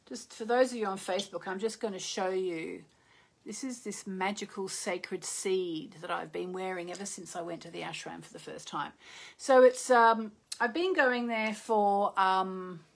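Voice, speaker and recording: A middle-aged Australian woman, an astrologer chatting casually and rambling with many fillers on a live stream. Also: medium pitch. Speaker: astrologer hosting a live show.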